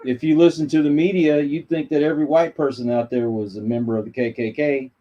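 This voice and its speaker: A man's voice: fairly high pitch, steady tone, fast, mellow. A male co-host in casual talk show banter who chimes in with short agreements and wry remarks. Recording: dull lo-fi audio with faint noise.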